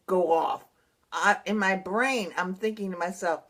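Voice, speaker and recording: A woman tells a personal story straight to her viewers, in a casual, earnest way. She rambles and restarts her sentences as she goes. Her voice sits at an ordinary middle pitch. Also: measured pace, sharp tone. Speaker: blogger sharing personal experience.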